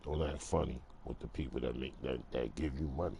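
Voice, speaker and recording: Low gravelly New guy ranting. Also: fairly even intonation, a little fast, mellow, a little hiss or hum. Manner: streetwise, emphatic, repeats "bro". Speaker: vlogger. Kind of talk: casual rant to camera.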